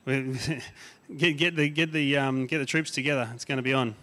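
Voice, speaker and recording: A man's voice: mid-range voice, steady tone, moderate pace, sharp tone, lightly acted. A man voicing an anxious, cornered ancient king who mutters fretfully, in a sermon retelling. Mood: worried.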